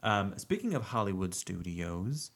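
A man's voice: sits low, very animated, a little slow, a bit bright. A man co-hosting a casual podcast, sharing park news with eager enthusiasm and frequent ums. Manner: enthusiastic, hesitant with ums and restarts. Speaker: podcast co-host.

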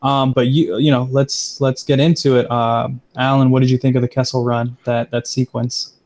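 Flat-voiced man hosting a review. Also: mid-range voice. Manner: steers the discussion, even and measured. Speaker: podcast host. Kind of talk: casual movie review chat.

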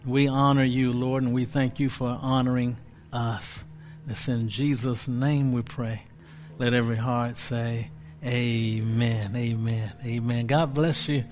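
A man preaching a sermon with fervor, repeating phrases and swinging from loud exclamations to hushed whispers. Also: medium pitch, level tone, measured pace, faint music behind.

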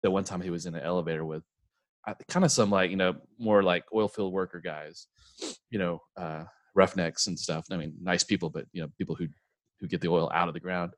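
A man with a low, deep voice co-hosts a relaxed chat. He agrees readily and drifts into side stories. The recording is dry and close. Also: brisk, dry recording. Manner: agreeable, frequent "yeah", digressive anecdotes. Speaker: podcast co-host. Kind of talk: casual chat.

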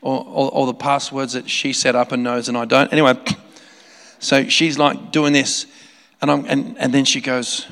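A man preaching a sermon, telling a story in an animated way with laughing asides and many restarts. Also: mid-range voice, moderate pace, creaky. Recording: long hall reverb.

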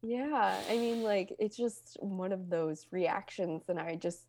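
A young adult woman telling her own story in casual talk, with deadpan jokes and lively acted-out quotes. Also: takes it slowly. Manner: deadpan humor, acts out quotes with lively pitch jumps.

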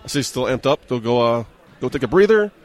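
Fast-talking wrestling show host man. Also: mid-range voice, lively intonation. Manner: chummy, casual, swears. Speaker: host, ring-side interviewer. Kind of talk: wrestling show wrap-up and interview.

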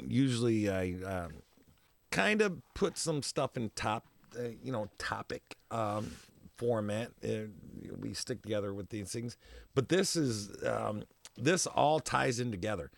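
A man's voice: mid-range voice, creaky. A man hosting a talk show, telling a story in a loose, rambling way, repeating himself and laughing often.

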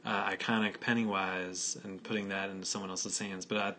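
A man co-hosting a casual podcast chat, easygoing and quick to laugh. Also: low-pitched, little pitch movement, pushed and bright, a little hiss or hum. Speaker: podcast co-host.

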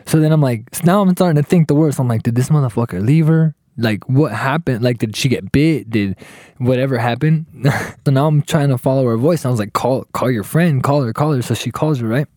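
A young man spins a rowdy, profanity-laced story for his friends, slipping into the voices of the people in it. His voice is dark and mellow, recorded dry and close. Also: medium pitch, brisk, no echo. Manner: profane, animated, acts out quotes.

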